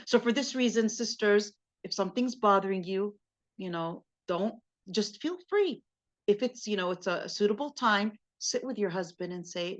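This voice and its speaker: A woman's voice: mid-range voice, normal speed. A woman teaching a religious class on marriage in a casual, conversational way, often checking in with "okay?" and acting out what spouses say. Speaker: Islamic studies teacher. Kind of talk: casual spoken lecture. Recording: muffled lo-fi sound.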